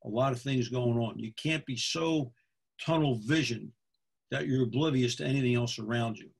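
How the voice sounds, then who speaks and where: This mid-range voice moves at a moderate pace, husky with vocal fry. It belongs to a middle-aged football official from Pennsylvania, USA, who gives other officials a folksy lesson, repeating points and checking in with "okay?"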